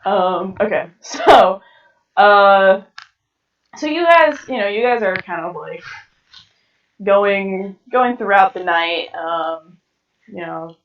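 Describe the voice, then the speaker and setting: A woman's voice: medium pitch, slow, pauses often, roomy sound, far from the mic, muffled recording. A woman narrating as game master of a tabletop game, hesitant, with many fillers and restarts.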